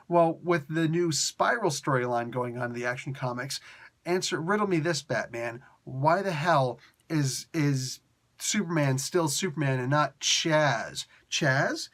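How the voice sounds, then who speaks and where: A man's voice: a little high, expressive, moderate pace, a bit bright. A man giving a casual spoken comic book review, ranting and sarcastic, exasperated with the story.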